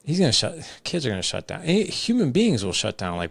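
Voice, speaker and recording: A man's voice: medium pitch, wildly swooping pitch, quick pace, vocal fry, dry recording. A man, a father and podcast guest, talking earnestly in conversational examples with lots of casual fillers.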